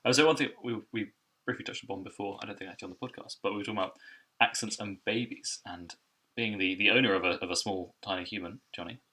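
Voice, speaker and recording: A man's voice: on the low side, quick pace, pushed and bright, breathy edge, low-quality recording. A man co-hosting a podcast, turning to a friend with a question in casual chat.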